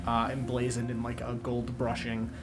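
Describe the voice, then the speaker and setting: Relaxed man narrating as game master. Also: medium pitch. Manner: relaxed, descriptive, many uhs and pauses. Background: background music.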